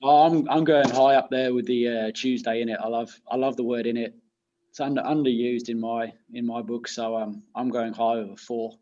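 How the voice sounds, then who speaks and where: A man's voice: mid-range voice, brisk, lo-fi sound. A young English man who works as a teacher, chatting as a podcast guest and telling stories with energy. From England. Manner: chatty, animated storytelling. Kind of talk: casual chat.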